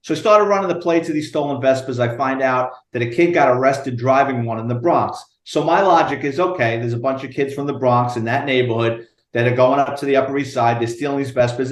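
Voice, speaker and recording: Animated New storyteller, echoey room. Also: male voice, mid-range voice. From United States. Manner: animated, profane storyteller acting out dialogue. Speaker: retired police detective guest. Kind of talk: storytelling interview.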